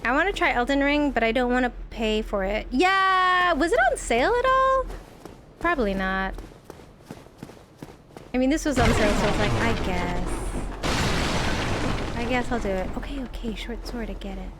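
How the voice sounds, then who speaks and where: A young woman chatting casually while playing a game on a live stream, playful and scattered, reacting out loud as she goes. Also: fairly high pitch, moderate pace, pauses often, very noisy. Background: loud background music.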